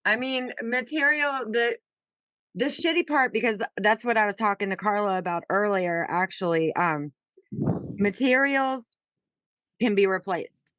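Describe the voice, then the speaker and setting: A woman's voice: mid-range voice, a little slow, a bit bright, no echo. Woman interviewer, casual and frank. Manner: short reactions, swears casually. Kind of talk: casual chat.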